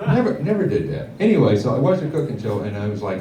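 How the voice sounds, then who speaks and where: A man doing a stand-up set at a comedy club, with a rambling, deadpan delivery full of fillers. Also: medium pitch, fast talker, noisy background. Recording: echoey club, heard from far off.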